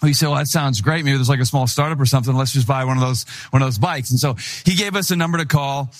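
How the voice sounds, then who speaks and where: Young male pastor, storytelling sermon, animated, mid pitch. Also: fast talker. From Wisconsin. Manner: animated storyteller, acts out voices in anecdotes.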